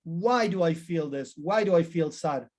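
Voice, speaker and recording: Give me a high-voiced man teaching a live therapy class, emphatic and animated. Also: moderate pace. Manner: animated, emphatic, repeats key words in lists. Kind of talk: live training lesson.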